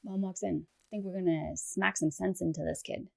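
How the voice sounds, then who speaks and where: A woman's voice: on the low side, fairly even intonation, moderate pace, vocal fry. A woman reacting to clips in casual commentary, exasperated and sarcastic in her asides. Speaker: commentary youtuber.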